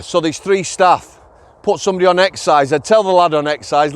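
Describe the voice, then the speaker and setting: Middle-aged Yorkshire man, slightly high voice, casual vlog storyteller, blunt and chatty. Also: expressive, moderate pace. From Yorkshire, England. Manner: chatty, blunt, tag questions like "yeah?". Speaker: former prison officer vlogger.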